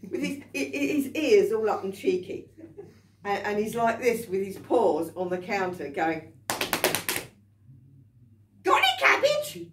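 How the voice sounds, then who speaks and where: A woman's voice: medium pitch, normal speed, very noisy. A woman, a folk performer, telling a story live to a club audience in a chatty, playful way and coaxing them to join in. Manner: chatty, playful, laughs between lines, coaxes the audience. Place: folk club room in a pub. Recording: echoey room, mic at a distance.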